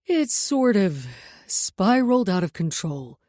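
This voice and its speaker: A calm, commanding man with a low, steady delivery, as a woman narrator puts him on. His voice is persuasive and even in tone. It is read close in a dry studio. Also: slow, dry recording.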